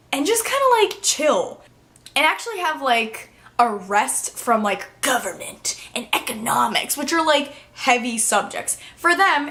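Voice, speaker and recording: Teen girl vlogging, kinda high voice, super chatty with lots of "like", gets a little teary. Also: fairly bright tone. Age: teens. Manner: bubbly, chatty, full of "like" fillers. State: emotional, near tears at times. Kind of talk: casual vlog chat.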